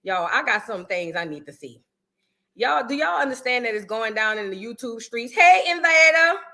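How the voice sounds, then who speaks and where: High bright-voiced woman chatting on a livestream. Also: expressive, moderate pace, gravelly. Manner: chatty, greets viewers by name, drawling slang. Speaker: livestream host. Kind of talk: casual live-stream chat greeting viewers.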